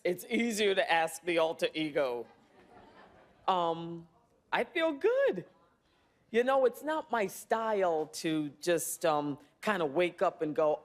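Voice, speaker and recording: Woman, 50s, speaking slowly and thoughtfully at a press room mic, earnest with frequent pauses; average pitch. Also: expressive. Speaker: award-winning actress answering press. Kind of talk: press room interview answers.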